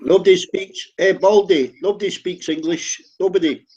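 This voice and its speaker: A man trades teasing insults in an online group chat and often repeats his lines. His voice sits a little high. It comes through a dull, muffled line. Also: moderate pace, a little mellow, slightly rough.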